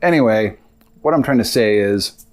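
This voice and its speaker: Young male podcast host, lowish voice, loose rambling storyteller. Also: animated, moderate pace. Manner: rambling, casual, lots of filler and asides. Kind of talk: personal storytelling monologue.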